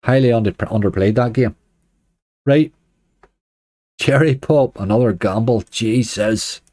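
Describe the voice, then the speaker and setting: A man's voice: mid-range voice, unhurried, a little mellow. A man with a Northern Irish accent giving chatty running commentary as a slots streamer, grumbling at the game and chatting to viewers.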